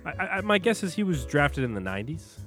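Young guy co-host, animated pitch, loose joking talk, faint music. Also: fast talker. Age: young adult. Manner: laid-back, joking, hesitant fillers. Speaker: podcast co-host. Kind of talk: casual sports chat.

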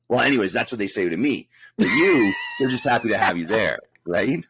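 A man's voice: lowish voice, animated, quick pace, a bit bright, a little hiss or hum, poor audio. A man in casual chat, wry and sarcastic, joking drily.

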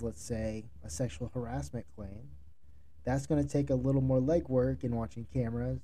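A man's voice: mid-range voice, mellow. A man hosting a podcast, speaking directly and instructively as he coaches restaurant leaders. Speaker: podcast host, restaurant manager. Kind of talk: solo podcast monologue giving advice.

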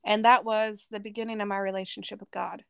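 A woman's voice: mid-range voice, little pitch movement, brisk, vocal fry, fairly bright tone, clean tone. Earnest woman from Arizona telling her story. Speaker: podcast guest. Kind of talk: personal testimony in conversation.

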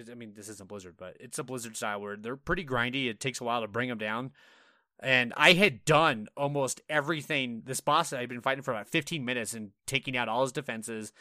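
Close-miked and dry, a male co-host on a casual gaming podcast speaks in a mid-range voice that comes across bright and forceful. He tells animated, curse-filled stories and performs his own frustrated responses as quoted asides.

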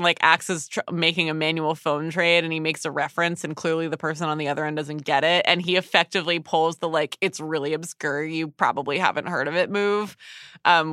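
A podcast co-host in casual recap chat, animated and chatty, peppered with "like". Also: medium pitch, smooth, dry recording, clean studio sound.

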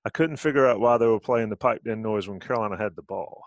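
Middle-aged man hosting sports radio, slightly low voice, dry close sound, chatty and rambling. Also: quick pace, no room sound, lo-fi sound. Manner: conversational, rambling with restarts. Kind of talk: casual sports talk.

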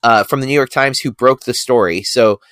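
A man's voice: mid-range voice, moderate pace, fairly bright tone, no echo. A man co-hosting a film podcast, talking casually with many fillers and self-corrections. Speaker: podcast co-host.

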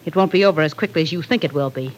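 A woman's voice: sits low, very fast, natural voice, rough recording. An actress playing a cruel woman villain who gloats over her captive in a 1940s radio drama, mocking and sneering. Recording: faint hiss of an old radio broadcast.

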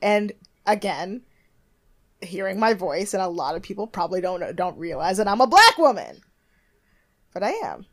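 A woman in her twenties co-hosting a podcast, casually recapping a TV show, animated and swearing freely. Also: mid-range voice, normal speed, pauses often. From United States. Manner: animated, swears freely, acts out others in bursts. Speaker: podcast co-host.

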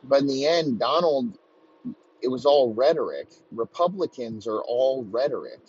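A man's voice: mid-range voice, big pitch swings, moderate pace, a little mellow, breathy edge, no room sound. A man ranting crudely and mockingly, swearing constantly in a comedic tirade. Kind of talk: profane comedic rant. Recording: slightly muffled lo-fi recording, faint background noise.

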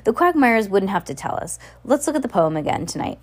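A woman's voice: mid-range voice, sing-song, fairly quick. A woman reading the lines of a practical, inventive teenage girl who asks questions and makes plans. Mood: questioning.

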